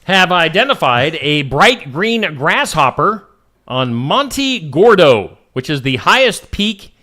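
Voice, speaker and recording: A man's voice: fairly high pitch, big pitch swings, slow, bright, forceful tone. A man hosting a morning show in casual chat, reading odd news stories and joking about them. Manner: jokey, reads headlines then riffs on them.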